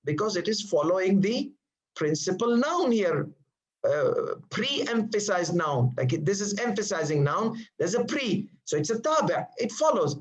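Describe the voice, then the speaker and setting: A man's voice: sits high, sing-song, a little slow, low-quality recording. A man teaching Arabic grammar in English, posing questions and answering them himself with patient repetition. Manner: repeats terms patiently, many fillers. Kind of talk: classroom lecture.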